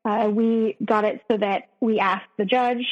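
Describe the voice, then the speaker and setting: A woman, a podcast guest, retelling a painful personal story with emotion, often halting and restarting. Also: medium pitch, fairly even intonation, big-room sound, highs cut off.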